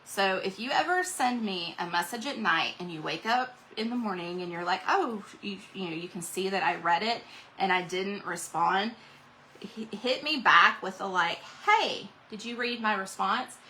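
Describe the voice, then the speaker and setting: Woman hosting a live craft stream, bright voice, rambling and chatty, faint noise behind. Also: mid-range voice, lively intonation, normal speed, low-quality recording. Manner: rambling, chatty, reads out viewer comments. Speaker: craft livestream host. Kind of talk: casual livestream chat while painting.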